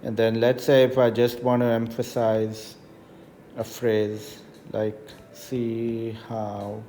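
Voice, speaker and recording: A man teaching a screen-recorded coding tutorial, explaining each step slowly and checking in with the listener. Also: medium pitch, completely flat delivery, warm tone, slight background noise. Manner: unhurried, explains step by step with frequent "right?" checks. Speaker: math teacher. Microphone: voice-over on tablet whiteboard recording.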